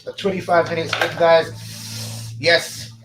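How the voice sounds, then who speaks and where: A man hosting a casual live stream, sweary and excitable, talking to his chat about football. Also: a little high, takes it slowly, echoey room, a crowd in the background, low-quality recording.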